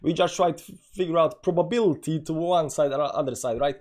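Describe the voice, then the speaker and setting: A man's voice: a little high, fast, a little mellow. Rambling man hosting a crypto stream. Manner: rambling, many "you know" fillers. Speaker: crypto channel host. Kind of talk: casual live-stream chat.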